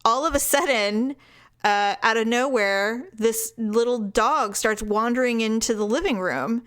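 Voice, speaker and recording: Woman, podcast co-host, casual chat, animated storyteller, fairly high voice, swears freely. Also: unhurried.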